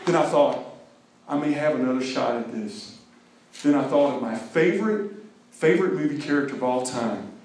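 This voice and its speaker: A middle-aged man from Mississippi giving a lively, joking talk to teenagers, acting out movie scenes. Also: mid-range voice, normal speed. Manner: animated, jokey, acts out movie scenes and sings snatches. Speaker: speaker to a teen group. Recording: echoey hall from far off.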